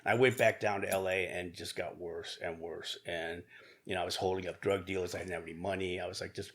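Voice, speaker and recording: A middle-aged man with a low voice tells his own story in a casual interview. He talks frankly and profanely. He often stumbles over his words and restarts his sentences. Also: steady tone, fairly bright tone, husky. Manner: candid, profane, halting with restarts and laughs. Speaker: podcast guest.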